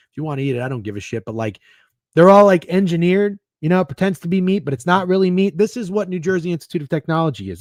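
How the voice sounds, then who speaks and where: A man's voice: fairly high pitch, a little mellow, no echo, studio quality. A man hosting a sports betting stream, chatting casually in a rambling, profane, sarcastic way. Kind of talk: casual livestream chat.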